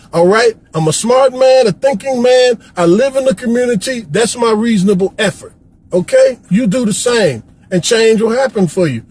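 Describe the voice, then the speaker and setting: A man's voice: extremely high pitch, darkish tone, low-quality recording. A middle-aged man from Chicago, delivering an impassioned, pleading rant as a vlogger and repeating "come on, man.". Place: Florida.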